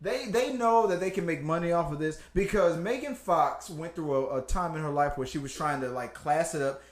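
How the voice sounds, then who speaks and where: Man, podcast host, casual chat, animated, rambling, restarts a lot, slightly high voice, echoey studio. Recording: roomy studio echo.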